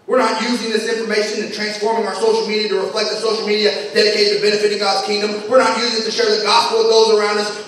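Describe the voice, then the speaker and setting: A young man preaches a fervent sermon, his voice pitched very high and driving through repeated refrains. He sounds caught from far across a big church, wrapped in a long, booming echo. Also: a bit bright. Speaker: pastor. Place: large echoey church sanctuary. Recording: echoey hall, voice from far off.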